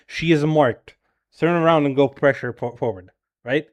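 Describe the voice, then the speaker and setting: A man reviewing a player's gameplay as a coach, talking casually and criticizing bluntly and profanely, with lots of "bro" and "right?". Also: medium pitch. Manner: filler-heavy rapid talk with frequent "bro" and "right?". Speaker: game coach.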